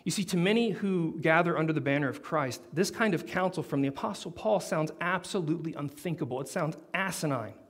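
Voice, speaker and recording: A man preaching a sermon, telling a story with animated, building emphasis. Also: fairly high pitch, fairly quick, few pauses. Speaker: pastor.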